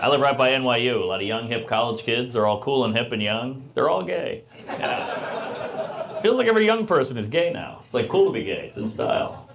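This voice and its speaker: A man's voice: mid-range voice, animated, moderate pace, creaky. A male stand-up comedian venting about being heckled in a self-mocking, agitated way. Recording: played-back video with crowd noise.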